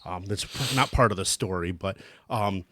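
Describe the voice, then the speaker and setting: A man's voice: low voice, moderate pace, a bit bright, dry recording. A middle-aged man co-hosting a podcast, telling a story in a rambling, casual way with many ums and restarts. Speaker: podcast co-host. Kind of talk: casual chat.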